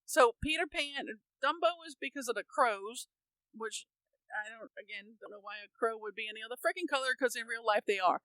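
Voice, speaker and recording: A woman's voice: a little high, a little fast, bright, forceful tone, dry recording, rough recording. An American woman co-hosting a podcast, ranting emphatically in casual opinionated chat and laughing often. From United States. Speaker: podcast co-host.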